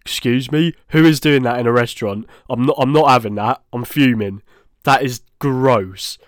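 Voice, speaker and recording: A man's voice: mid-range voice, normal speed, no echo, studio quality. A man hosting a casual solo commentary, reacting with blunt, exasperated remarks. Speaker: host.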